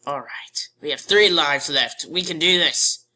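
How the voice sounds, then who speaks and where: Bright, slow-talking game commentator. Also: medium pitch. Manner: playful, exclaiming at the game. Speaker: gamer. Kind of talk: live gameplay commentary.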